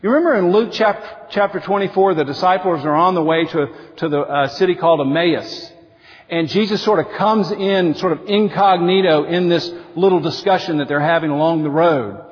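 Male pastor, high voice, animated sermon delivery, dull lo-fi sound with a long hall echo. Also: normal speed. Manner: animated preaching, voices quotes with big pitch swings.

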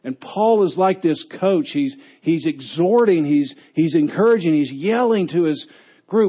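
A man preaching a sermon as pastor, who rises to a shout when he acts out a yelling coach. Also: fairly high pitch, animated, a little slow, slightly rough, highs cut off.

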